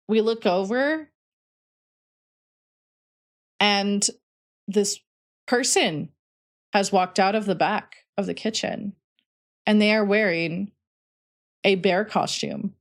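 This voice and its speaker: A young woman streamer with a mid-range voice tells a wandering story while playing, speaking slowly with long pauses. It's casual and chatty, with "like" dropped in constantly.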